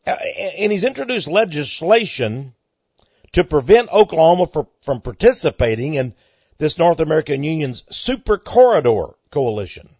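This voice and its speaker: A man hosting a monologue commentary, speaking emphatically and climbing into excited outbursts, on a dull lo-fi recording. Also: fairly high pitch, normal speed, breathy edge, no room sound. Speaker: commentary host.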